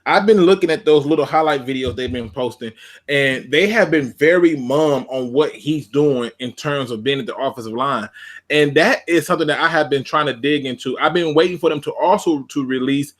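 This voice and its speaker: A man's voice: a little high, a little fast, a bit bright. A man co-hosting a casual sports podcast, emphatic and fond of repeating phrases for effect. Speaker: podcast co-host.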